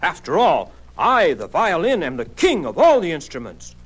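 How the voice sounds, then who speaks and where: A man's voice: fairly high pitch, moderate pace, sharp tone, breathy edge, voice pushed up, exaggerated voice, low-quality recording. A man voicing a proud, vain male violin in a children's story, speaking grandly and self-importantly. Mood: boastful. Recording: music playing behind.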